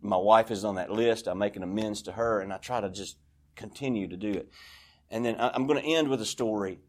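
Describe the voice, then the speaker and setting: A man's voice: lowish voice, a little fast. A man speaking candidly and at length as the speaker at a recovery meeting in a church, rambling and confessional. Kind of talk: personal share at a recovery meeting.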